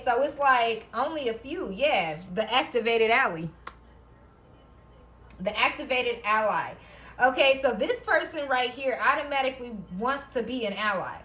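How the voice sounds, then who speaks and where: A woman's voice: high-pitched, a bit bright. A woman giving a casual spiritual tarot reading, who keeps checking in with "okay?", laughs often and swears now and then. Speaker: tarot reader.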